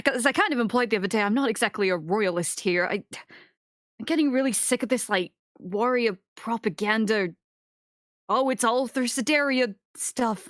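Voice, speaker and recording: A woman speaking in character during a tabletop game, hesitant and sighing, with many pauses. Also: fairly high pitch, dry recording, clean studio sound. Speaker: player. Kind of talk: in-character tabletop role-play.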